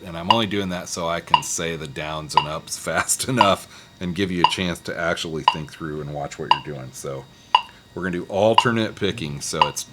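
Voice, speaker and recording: A man teaching a casual guitar lesson, talking students through a scale in a relaxed, encouraging way and counting picking strokes aloud. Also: deep voice, moderate pace, heavy background noise. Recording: loud guitar playing underneath.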